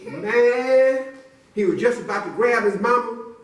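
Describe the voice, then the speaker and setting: A man's voice: very high-pitched, a little slow. A man telling a silly story to a live audience with playful call-and-response build-ups. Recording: echoey room from far off.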